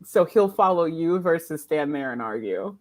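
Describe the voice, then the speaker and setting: Woman host, casual livestream chat, animated storyteller, laughs a lot, pitch swings widely. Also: normal speed.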